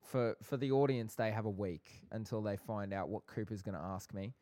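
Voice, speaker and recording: A man with a fairly low voice co-hosts a relaxed podcast. He chats and banters in a playful, easygoing way. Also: normal speed. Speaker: podcast co-host. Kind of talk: casual podcast chat.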